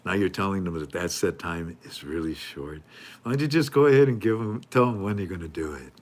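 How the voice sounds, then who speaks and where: A man's voice: lively intonation, fairly quick. A man hosting his channel, reading news articles aloud with casual, mocking commentary and frequent laughs. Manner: joking, mocking, laughs often, acts out officials in a high voice. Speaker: host.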